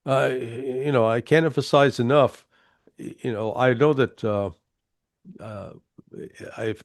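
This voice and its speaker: A man's voice: mid-range voice, no echo. Emphatic man, dry sound. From United States. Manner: emphatic, hesitant restarts, slows down to stress points. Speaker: guest commentator. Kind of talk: political interview talk.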